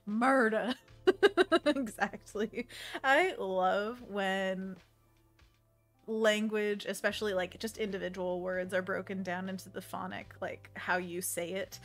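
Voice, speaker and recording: A woman's voice: mid-range voice, slow, faint music behind. Bubbly giggly Pacific Northwest woman. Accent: Pacific Northwest American. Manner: bubbly, giggly, reads chat aloud. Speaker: livestream host and digital artist. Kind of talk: casual livestream chat while painting.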